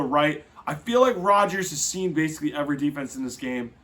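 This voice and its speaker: A man hosting a football podcast, talking casually and correcting himself as he goes. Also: a little high. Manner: lively, swings loud and soft, self-correcting. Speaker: podcast host. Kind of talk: casual sports podcast talk.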